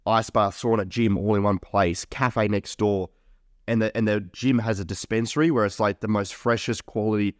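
A man's voice: lowish voice, steady tone, moderate pace, dry recording, studio quality. A young man co-hosting a podcast, chatting casually, swearing and laughing often. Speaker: podcast co-host.

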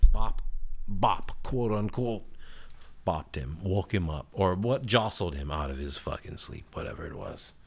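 A man with a fairly low voice hosts a casual podcast. He tells stories in a heated, rambling rant full of swearing, and his pitch and loudness jump around as he talks. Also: measured pace. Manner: lively swings in pitch and loudness. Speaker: podcast host.

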